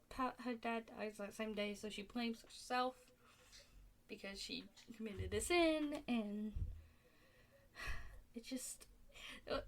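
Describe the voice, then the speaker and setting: A woman talking casually at home, rambling and exasperated, with many fillers and restarts. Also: fairly high pitch. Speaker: podcast host reviewing a TV show. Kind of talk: casual chat.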